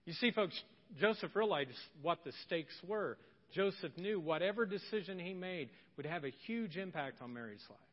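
A high-voiced man delivers a humorous, animated sermon as pastor, slipping into voices for the people in his story. The recording is muffled and carries the long reverb of a church hall. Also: moderate pace.

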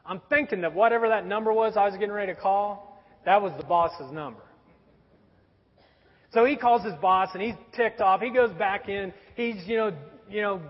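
A man in his forties, a pastor telling a story in a sermon with a conversational, wry humor. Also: high-pitched. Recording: dull sound with long hall reverb.

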